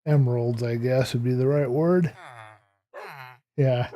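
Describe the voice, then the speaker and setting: A man's voice: mid-range voice, fairly even intonation, unhurried, dark tone. A man streaming a building game, chatting casually to his viewers and to the game's characters and chuckling often. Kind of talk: casual gameplay commentary.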